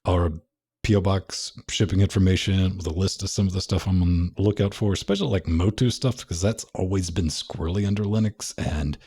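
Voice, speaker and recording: Male co-host with a deep, raspy voice; casual and jokey. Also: dark tone. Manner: joking, self-deprecating, puts on mock voices. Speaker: podcast co-host. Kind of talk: casual tech chat. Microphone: studio mic.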